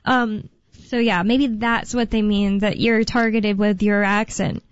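A woman's voice: medium pitch, little pitch movement, a little slow, dry recording. A woman co-hosting a call-in talk radio show, chatting casually and rambling a bit with frequent laughs. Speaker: radio co-host. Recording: dull lo-fi radio sound.

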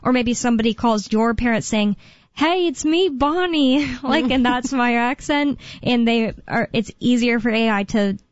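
A woman's voice: fairly high pitch, fairly even intonation, dry recording. Rambling young woman radio host. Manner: rambling, filler-heavy, quick asides. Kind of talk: casual talk radio chat. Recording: dull lo-fi radio sound.

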